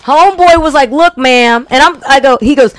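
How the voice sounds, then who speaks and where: Brief: woman co-host, high voice, animated storyteller, dry sound. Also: normal speed, no room sound. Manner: animated, acts out quotes. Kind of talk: casual storytelling chat.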